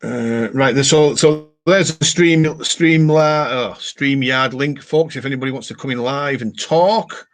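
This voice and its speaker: A man's voice: medium pitch, a little slow, few pauses. Chatty British man hosting a live stream. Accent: British English. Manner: chatty, reads viewer comments aloud. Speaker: livestream host. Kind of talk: casual live-stream chat.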